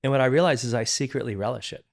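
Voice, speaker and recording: A man's voice: mid-range voice, rapid-fire, creaky. Earnest middle-aged pastor telling his story. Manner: earnest storyteller, restarts and repeats words. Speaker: pastor and podcast guest. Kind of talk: candid testimony in conversation.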